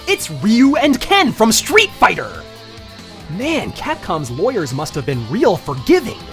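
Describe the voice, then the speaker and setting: A woman's voice: mid-range voice, wildly swooping pitch, a little slow, soft background music. A woman reviewing a cartoon with sarcastic, ranting commentary and mock outrage.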